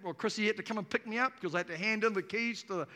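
A man preaching an energetic sermon to a congregation in a church auditorium, emphatic and playful. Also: sits high, racing. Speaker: pastor. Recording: reverberant hall.

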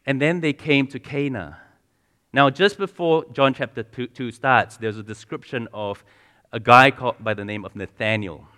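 A man delivers a sermon to a congregation, talking to them casually and quizzing them with questions along the way. He often stumbles, restarts and repeats words as he goes. His voice sits at an ordinary pitch and carries a long reverb from a large hall. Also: fairly bright tone, clean tone. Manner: conversational, asks the congregation questions. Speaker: preacher.

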